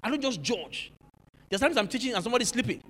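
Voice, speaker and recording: A pastor preaching a sermon, moving from low, musing talk to shouted rebuke. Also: male voice, animated, quick pace, in a large hall.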